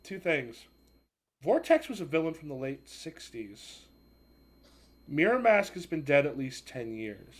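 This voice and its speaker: A man narrating as game master of a tabletop game, rambling and halting with many fillers. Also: a little high, sing-song.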